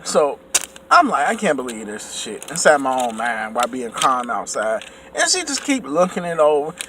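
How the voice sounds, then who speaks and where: A man vlogging, casually retelling an incident to camera in an animated way, sometimes acting out his own raised outbursts. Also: mid-range voice, moderate pace, noisy background.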